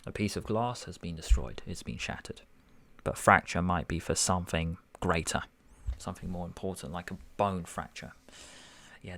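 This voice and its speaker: A man's voice: fairly low pitch, creaky. A man tutoring, working through a verbal reasoning test paper aloud and musing over each answer. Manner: musing, unhurried, self-correcting.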